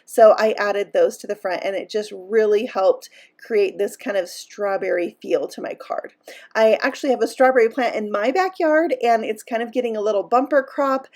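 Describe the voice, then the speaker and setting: A woman's voice: medium pitch, moderate pace, a little mellow. Chatty woman hosting a craft tutorial. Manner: chatty, upbeat, explains each step while working. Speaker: card-making channel host.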